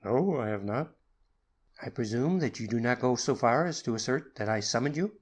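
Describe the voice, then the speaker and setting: A man's voice: lively intonation, normal speed, lightly acted. A man voicing an irascible elderly professor in an audiobook, stiff, cold and suspicious. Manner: stiff and haughty, rising to high screaming rage. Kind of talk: audiobook character reading.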